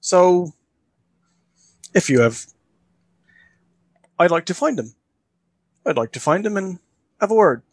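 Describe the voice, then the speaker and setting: A man voicing an earnest, humble young man who speaks politely and sincerely, in a voice pitched above his own. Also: sing-song, slow pace, pauses often, slightly rough, no echo, heavily acted. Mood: determined.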